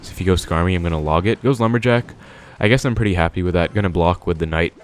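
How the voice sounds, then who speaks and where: A young man, a gaming video creator, casually comments on his own gameplay, thinking out loud with plenty of fillers. His voice sits low and he talks fast, with slight background noise.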